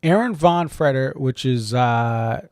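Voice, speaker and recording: A man's voice: medium pitch, expressive, takes it slowly, darkish tone, clear, resonant tone, no echo, clean studio sound. A man with a faint Boston accent, rambling and correcting himself as he hosts a casual live-stream chat. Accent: slight Boston. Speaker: stream host.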